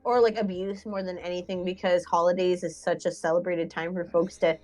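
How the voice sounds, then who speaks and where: A woman's voice: on the low side, level tone, brisk, darkish tone, poor audio. A young woman who works as a mental health counselor, chatting casually on a stream with many fillers and easy laughter. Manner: rambling, lots of fillers, laughs easily. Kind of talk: casual chat.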